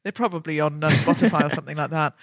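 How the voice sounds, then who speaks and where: A woman's voice: sits low, very fast, dry recording, studio quality. A woman hosting a comedy podcast, telling rambling self-mocking stories in a casual chat before a live audience. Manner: chatty, self-deprecating, rambling storytelling. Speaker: podcast host. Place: live recording on stage in a London venue.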